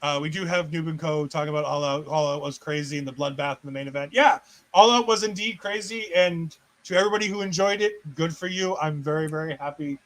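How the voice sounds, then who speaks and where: A man's voice: on the high side, fast talker, low-quality recording. A man co-hosting a casual wrestling recap, retelling scenes with sarcastic asides and acted-out quotes. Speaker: co-host.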